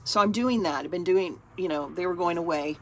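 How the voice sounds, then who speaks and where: A woman's voice: fairly low pitch, a little fast, a bit bright, a little hiss or hum. A woman astrologer talking casually to camera in a chatty, rambling way, acting out her own thoughts as she goes.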